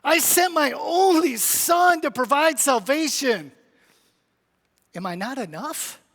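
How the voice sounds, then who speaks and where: A man's voice: very high voice, animated, slow pace, fairly bright tone, pitched above the performer's own voice, exaggerated voice. A man preaching a sermon who voices God as a sorrowful, tender figure repeating one aching question. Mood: pleading. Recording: long church reverb.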